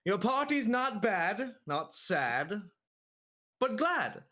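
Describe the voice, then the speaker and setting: A man's voice: high-pitched, big pitch swings, drawn-out words, pushed and bright, full character voice. A man doing an impression of a whimsical rhyming children's author in improv comedy, speaking in sing-song rhymes.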